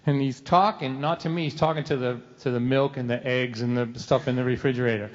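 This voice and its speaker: A man's voice: mid-range voice, fairly quick. Middle-aged guy doing a self-mocking story onstage, dull sound, long echo from the hall. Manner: wry, self-mocking, animated. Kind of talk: live storytelling performance. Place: church hall venue.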